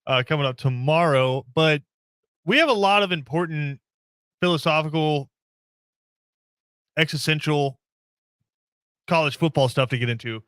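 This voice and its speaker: A man's voice: on the high side, moderate pace, pauses often, a bit bright, smooth, no echo. A man hosting a sports podcast in casual, joking banter with his co-host.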